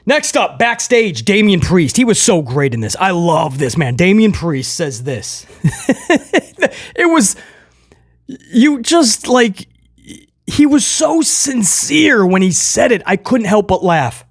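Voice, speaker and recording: Animated, high-voiced male wrestling reviewer. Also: takes it slowly, no room sound, studio quality. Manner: animated, laughing often, addresses viewers as guys. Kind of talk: casual commentary review.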